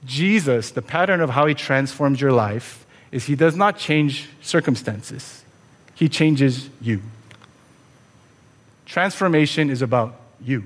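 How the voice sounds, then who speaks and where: A man's voice: medium pitch, animated, takes it slowly. A man preaching a sermon as pastor, earnest and conversational, asking his listeners pointed rhetorical questions. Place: church sanctuary. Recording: long church reverb.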